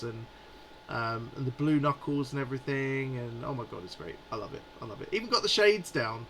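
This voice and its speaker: A man's voice: mid-range voice, expressive, fairly quick, bright, forceful tone, slight background noise, poor audio. A man in his forties hosting a live stream, chatting in a rambling, amused way. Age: 40s. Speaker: livestream host. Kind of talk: casual live chat.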